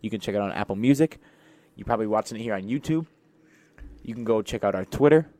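Young man, podcast co-host, casual joking chat, low-ish voice. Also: animated, mellow. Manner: joking, quick asides.

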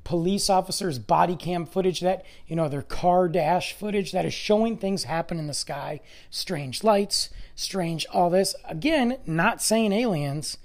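A podcast host in their forties, slightly hoarse from losing their voice, talking in a rambling, speculative and emphatic monologue. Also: medium pitch, measured pace, few pauses. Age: 40s. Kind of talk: casual monologue.

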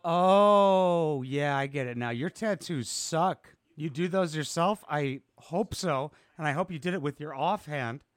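A man's voice: a little high, normal speed, hardly any pauses, no room sound. A man hosting a podcast, giving crude, sarcastic comedic reactions to reality TV clips. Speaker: podcast host.

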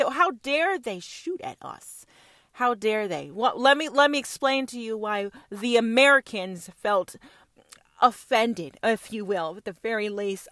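A woman's voice: a little high, a bit bright, no room sound, studio quality. A woman podcast host delivering a fiery, profane monologue full of rhetorical questions. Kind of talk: opinionated monologue.

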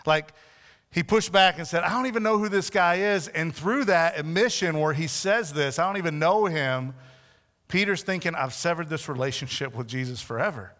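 A man preaching a sermon who acts out the voices in the story he retells, often dropping to a soft, close tone. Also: on the high side, normal speed, in a large hall. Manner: acts out quoted voices, drops to soft intimate tones.

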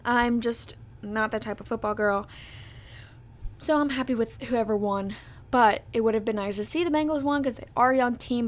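A woman in her twenties hosting a podcast, chatting casually and bubbly, full of "like" and "literally". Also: on the high side. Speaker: podcast host. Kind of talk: casual chat.

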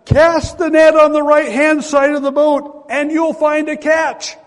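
A man voicing a stranger who calls out loudly across the water to fishermen in a story. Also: extremely high pitch, flat delivery, measured pace, in a large hall, voice pushed up. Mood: calling out. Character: stranger on the shore shouting to fishermen.

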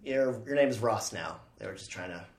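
Lively, joking speaker, casual chat, echoey room, crowd behind. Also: medium pitch, fairly quick.

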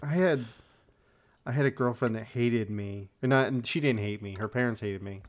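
A man's voice: mid-range voice, normal speed. A man co-hosting a podcast, talking in a laid-back, agreeable way and swearing casually. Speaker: podcast co-host. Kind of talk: casual chat.

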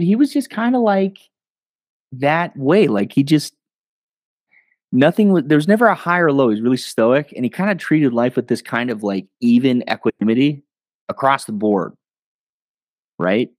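A man's voice: mid-range voice, no room sound. Man telling stories, dry close sound. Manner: animated, filler-heavy, laughs often. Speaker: podcast guest. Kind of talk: casual storytelling.

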